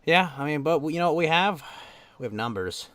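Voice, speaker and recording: A man's voice: fairly high pitch, lively intonation, fairly quick, a bit bright, no echo. A man in casual group talk on a live stream, arguing his points with many fillers and trailing phrases. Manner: argumentative, filler-heavy, trailing off. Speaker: stream participant.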